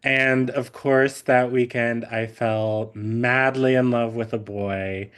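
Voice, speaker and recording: A man's voice: mid-range voice, fairly even intonation, slow pace, fairly bright tone, smooth. A man in his thirties co-hosting a podcast, telling a story in a rambling casual way, with many fillers and frequent laughs. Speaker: podcast co-host. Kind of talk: casual chat.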